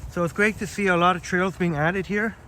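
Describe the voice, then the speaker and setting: High-voiced Canadian man streaming outdoors. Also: steady tone, brisk, bright, forceful tone, low-quality recording. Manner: chatty, reads out viewer comments, many fillers. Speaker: live streamer. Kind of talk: casual live-stream walking tour. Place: outdoor nature trails in a park. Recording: outdoor noise behind voice.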